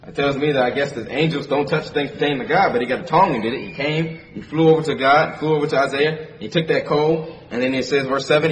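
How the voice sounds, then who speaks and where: A man's voice: a little high, fairly even intonation, fast talker, few pauses. A man preaching a sermon who reads scripture aloud and explains it conversationally, repeating phrases for emphasis. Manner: reads scripture in King James wording, then explains it conversationally. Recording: distant mic with faint background noise.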